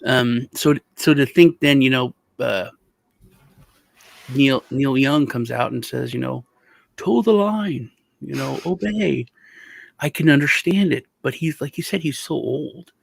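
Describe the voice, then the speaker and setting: A man hosting a casual chat, a rambling, animated storyteller. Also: mid-range voice, measured pace, gravelly. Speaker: host.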